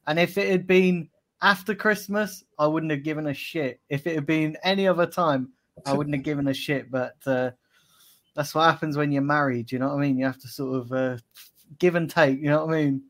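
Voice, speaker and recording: A man's voice: fairly high pitch, brisk. Laid-back male podcast guest. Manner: laid-back, candid, swears casually. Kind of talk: casual podcast chat.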